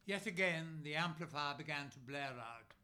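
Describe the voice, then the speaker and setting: A man reading a literary novel aloud as narrator, in measured phrases with frequent pauses. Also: fairly high pitch, animated, sharp tone. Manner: measured, pausing often between phrases. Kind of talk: scripted narration.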